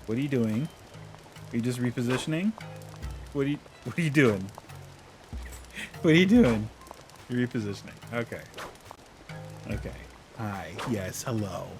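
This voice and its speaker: A young man chats playfully while he plays a game. His pitch is lively, and he keeps up a running, casual commentary. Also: moderate pace, pauses often, over music. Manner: playful, chatty, talks to his cat. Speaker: game streamer.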